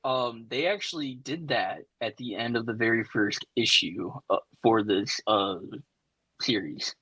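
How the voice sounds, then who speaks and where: A man talking casually on a movie podcast, relaxed and hesitant, with plenty of ums. His voice sits in a middling range for a man and is heard close and dry, with no room sound around it. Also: mid-range voice, unhurried, husky, no room sound, low-quality recording. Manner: relaxed, hesitant with fillers, comic-book knowledgeable. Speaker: podcast co-host. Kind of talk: casual movie review chat.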